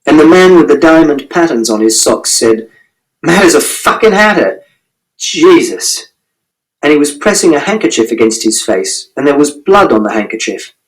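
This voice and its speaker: A man's voice: medium pitch, animated, a little fast, hardly any pauses, poor audio. A man narrating an audiobook in the first person, telling events in a literal, matter-of-fact way.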